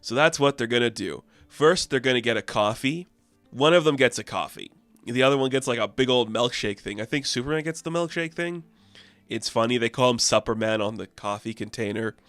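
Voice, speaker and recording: Brief: enthusiastic male comic reviewer, smooth clear voice, dry close sound. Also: medium pitch, expressive, brisk, fairly bright tone, no room sound. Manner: chatty, enthusiastic, laughs often.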